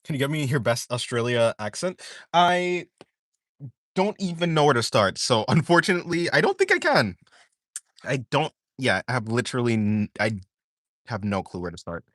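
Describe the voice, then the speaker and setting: A man's voice: mid-range voice, lively intonation, moderate pace, a bit bright, no echo, studio quality. A man chatting casually on a livestream, reading viewer questions aloud and answering them in a rambling way, full of fillers and self-corrections. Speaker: art streamer chatting with viewers.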